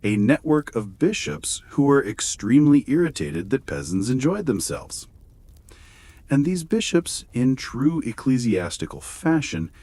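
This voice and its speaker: A man reading a scripted bedtime history story with wry, gently sarcastic humor. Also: medium pitch, dry recording. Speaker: narrator.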